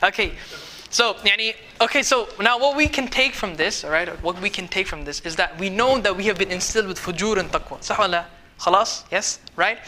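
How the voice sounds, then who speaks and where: A man's voice: sits high, sharp tone, a little hiss or hum. A man teaching a casual tafsir class, talking conversationally and mixing in Arabic phrases while checking that his students follow. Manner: mixes in Arabic words and phrases. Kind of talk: casual tafsir lesson to a small group.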